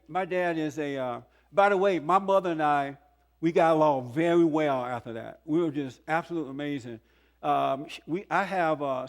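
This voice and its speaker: A man in his sixties giving a personal testimony at a conference, telling his story earnestly with chuckles and emphatic peaks. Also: fairly high pitch. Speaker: speaker. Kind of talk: testimony talk to a conference audience. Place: conference hall.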